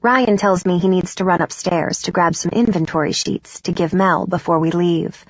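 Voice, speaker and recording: A woman narrating a first-person audiobook in a steady, even way. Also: fairly low pitch, moderate pace, no echo. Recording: dull, dry studio recording.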